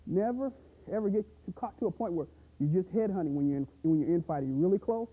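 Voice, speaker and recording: A man coaching boxing technique in an energetic, punchy way, full of sound effects and repeated catchphrases. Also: sits high, quick pace. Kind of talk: instructional pad-work demo. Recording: tinny, phone-like audio.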